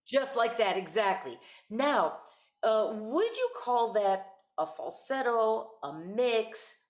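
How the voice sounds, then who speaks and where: A woman's voice: on the high side, expressive, slow pace, reverberant. A woman teaching an online voice lesson, patient and encouraging, demonstrating vocal exercises over a video call.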